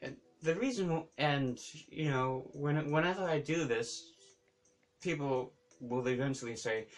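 Male vlogger, mid pitch, slow, halting delivery with many restarts. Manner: halting, searches for words and repeats himself. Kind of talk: casual talk to camera.

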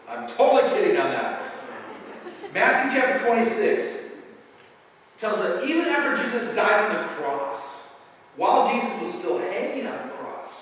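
A man preaching with a lively, joking delivery. His voice sits a little high and rings through a big, echoey church hall, picked up from far off. A faint room hum stays underneath. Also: normal speed. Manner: animated, joking, acts out quoted voices. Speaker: pastor. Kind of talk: sermon. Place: church sanctuary.

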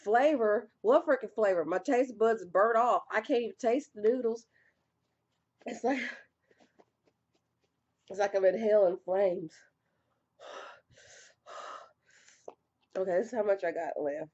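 A young woman talks slowly in a mellow, low-key tone while her mouth burns from the food. She sighs and groans between lines, exasperated, as if she can barely get the words out. The sound is a little dull and lo-fi. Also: husky. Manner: exasperated, sighing between lines while eating hot noodles. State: mouth burning, struggling to talk. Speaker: vlogger. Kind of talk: casual vlog chat.

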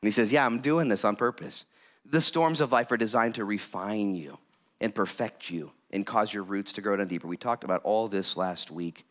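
A male pastor delivering a sermon with lots of energy. He jokes with the congregation and jumps from calm explanation to sudden loud, excited bursts. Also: on the low side, normal speed. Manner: animated, jokey preaching with sudden loud bursts.

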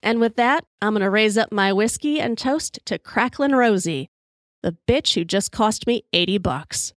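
A woman's voice: medium pitch, lively intonation, moderate pace, no room sound, studio quality. A woman hosting a podcast, telling wry, profane stories in a conversational monologue while sipping whiskey. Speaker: podcast host.

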